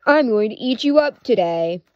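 A woman voicing a mighty, grumpy male lion who growls and scolds loudly. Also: on the high side, expressive, moderate pace, dry recording, highs cut off, natural voice. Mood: angry.

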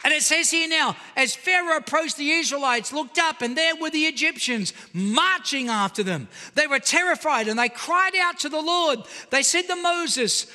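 High bright-voiced preaching pastor. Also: male voice, moderate pace, hardly any pauses, in a large hall. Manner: animated preaching, calls out to the congregation. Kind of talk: sermon. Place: church auditorium.

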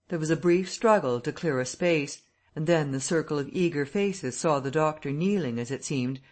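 A man reading a classic novel aloud as an audiobook narrator, telling the story in a steady, even way. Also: a little high.

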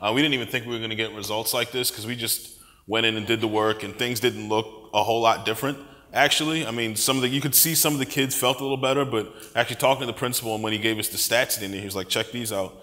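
A man's voice: mid-range voice, steady tone, fast, bright, forceful tone. A man presenting results at a conference in a casual way. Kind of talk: conference talk. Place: conference hall. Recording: echoey hall.

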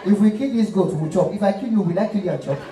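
A man voicing a brash, stingy man who haggles loudly over a wedding MC's fee. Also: high-pitched, fast, some chatter behind, natural voice. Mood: loud haggling. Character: excitable, penny-pinching man booking a wedding MC. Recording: roomy live stage, distant mic.

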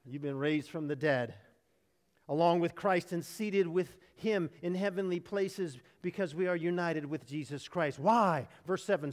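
A man preaching a sermon as pastor, animated and humorous, acting out voices in his storytelling. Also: on the high side, unhurried, in a large hall. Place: church sanctuary.

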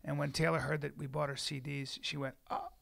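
A man's voice: a little high, flat delivery, fairly quick, vocal fry, fairly bright tone. A man in his forties, a comedian co-hosting a podcast, telling a rambling, profane story in casual chat. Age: 40s. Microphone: studio mic.

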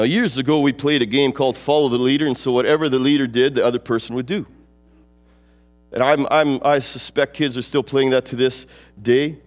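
A man preaching a sermon in a church, emphatic and fond of repeating phrases, his voice swinging between lifting up and dropping low. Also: in a large hall. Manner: emphatic, repeats phrases, rises and falls in pitch. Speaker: pastor. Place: church sanctuary.

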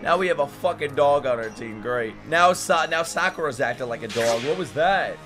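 A young man reacting to an anime episode, swearing, laughing and shouting as he comments. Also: medium pitch, expressive, normal speed. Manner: loud, profane, laughs and shouts often. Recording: anime soundtrack music playing loudly underneath.

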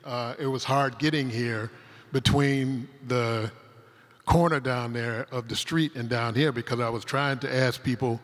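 A man's voice: mid-range voice, fairly even intonation, a little slow. Man telling stories in a reverberant hall. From Detroit, Michigan, USA. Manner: rambling, humorous anecdotes told with asides. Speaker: conference speaker. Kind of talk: storytelling talk on stage. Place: converted industrial hall used as a conference venue.

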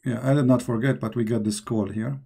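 A man's voice: medium pitch, fairly even intonation, a little fast, creaky, mellow, breathy edge. A man hosting a live online discussion, speaking in a mocking, emphatic and repetitive way, with non-native English grammar. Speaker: online debate host.

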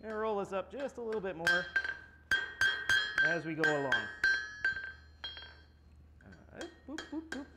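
A man's voice: sits high, big pitch swings, normal speed, long pauses, over loud music. A man giving a live blacksmithing demonstration, joking and rambling with plenty of fillers. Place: smithing conference demo area.

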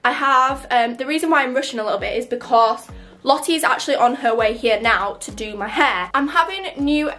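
A young woman vlogs to a handheld camera at home in a high, light voice. She rambles in a chatty, bubbly way, and faint music plays behind her. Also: brisk, bright, forceful tone. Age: young adult. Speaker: vlogger. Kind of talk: casual vlog to camera. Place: home, indoors.

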